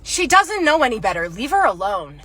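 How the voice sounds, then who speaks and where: A smug, dismissive mom, acted by a woman in a comedy skit, breezily unbothered. Her tone is bright and sharp. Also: fairly high pitch, big pitch swings, normal speed, slightly rough, full character voice. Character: smug indifferent mother of an unruly girl.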